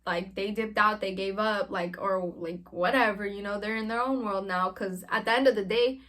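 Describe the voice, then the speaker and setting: A young woman vlogger tells a story in a casual, animated manner packed with slang and swearing, speaking at a normal pace in a mid-range voice.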